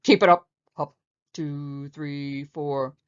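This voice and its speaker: A woman's voice: lowish voice, animated, unhurried. A woman voicing a bossy old bull elephant colonel who barks drill commands, on a slightly muffled recording. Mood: bellowing.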